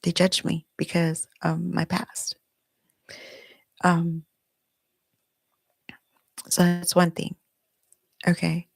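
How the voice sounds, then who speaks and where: Extremely slow and pausing often, her fairly low voice is gravelly and slightly rough, with a completely flat delivery and no room sound. She is a middle-aged woman hosting her own podcast from home, filming herself as she confides a personal story candidly and emotionally in a confessional monologue.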